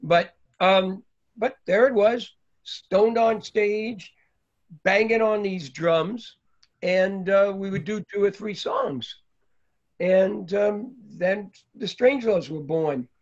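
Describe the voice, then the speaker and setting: A man's voice: high voice, slow pace. An older man from New York telling a long, rambling story about his early days, with many fillers along the way. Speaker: guest speaker. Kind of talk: anecdotal storytelling. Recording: dull lo-fi recording.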